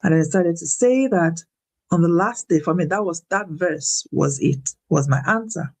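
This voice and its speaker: Woman, faith testimony, preacherly, pitch swings high when emphatic, repeats words. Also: animated, moderate pace, a little mellow, husky. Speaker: guest speaker. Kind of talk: faith-based personal testimony.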